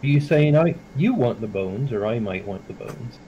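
A man's voice: mid-range voice, expressive, moderate pace, muffled recording, a little hiss or hum. A man playing in a tabletop game, stammering and repeating words as he speaks. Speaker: player. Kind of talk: casual tabletop game play.

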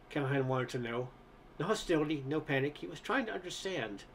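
A man narrating a first-person story aloud in a relaxed, conversational way. His voice is pitched a little high, and he sometimes trips over a word. A faint hum of ambience sits under the reading. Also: brisk. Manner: conversational, with occasional stumbles.

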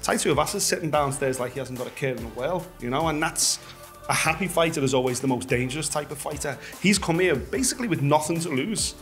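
A man's voice: a little high, animated, fast, soft background music. A man speaking as a pundit on a sports preview show, emphatic and confident in his analysis.

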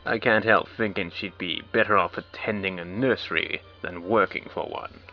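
A man's voice: low voice, moderate pace. A man reading a visual novel aloud and breaking off for wry, sarcastic asides. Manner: wry, sarcastic asides between read lines. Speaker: let's play commentator. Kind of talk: reading game text aloud with joking commentary. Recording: dull lo-fi recording with faint game music.

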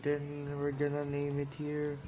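Slow-talking man chatting while he draws. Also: fairly high pitch, completely flat delivery, mellow, highs cut off, a little hiss or hum. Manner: chatty, self-amused, broken English phrasing. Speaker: drawing vlogger. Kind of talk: rambling commentary while drawing.

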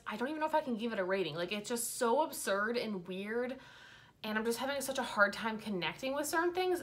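A woman's voice: fairly high pitch, expressive, fairly quick, fairly bright tone. A young woman talking casually as a book vlogger, rambling frankly, full of fillers and swearing freely. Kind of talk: casual chat.

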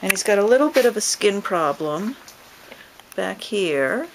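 A woman's voice: medium pitch, big pitch swings, a little slow, background noise. A woman filming at an animal shelter, casually chatting and coaxing a dog in a playful, baby-talk way. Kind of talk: casual chat, talking to a dog.

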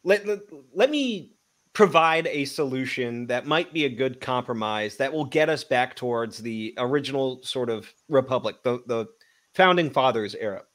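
A man's voice: mid-range voice, expressive, moderate pace, a bit bright. A man in casual podcast chat, tossing in dry jokes between retellings. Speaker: co-host.

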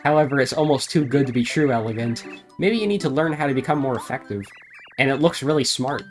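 A man reads mangled game text aloud over a live stream, deadpan and theatrical by turns. His pitch and pace sit in an everyday middle range. Faint game music plays under him. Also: fast talker. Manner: reads deadpan, breaks into laughter. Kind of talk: comedic dramatic reading of garbled game dialogue.

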